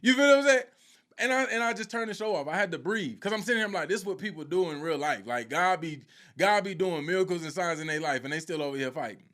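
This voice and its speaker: Animated man retelling a show. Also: high voice, quick pace. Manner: lively storytelling with quoted voices. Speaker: faith teacher. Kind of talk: animated live teaching.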